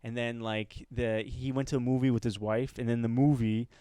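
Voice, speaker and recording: A man's voice: medium pitch, little pitch movement, normal speed, mellow, clean tone, no echo, studio quality. A man co-hosting a comedy podcast, telling rambling stories in casual chat. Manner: rambling storyteller with bursts of voices. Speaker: podcast co-host.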